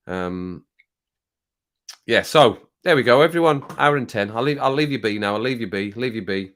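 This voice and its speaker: A man's voice: medium pitch, animated, moderate pace, fairly bright tone. A man hosting a casual livestream, reading out viewer comments in a rambling, jokey way and getting worked up now and then. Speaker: livestream host.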